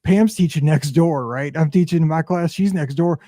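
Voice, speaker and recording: Podcast host, male, a touch high-pitched, rambling and animated, many fillers, dry close sound. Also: moderate pace, no room sound. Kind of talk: casual podcast chat.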